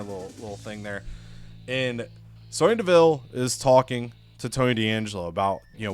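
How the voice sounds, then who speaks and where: Man co-hosting a game video, casual and animated recap, middle pitch, faint music under him. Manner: animated retelling, full of "you know" and "like". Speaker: let's-play co-host.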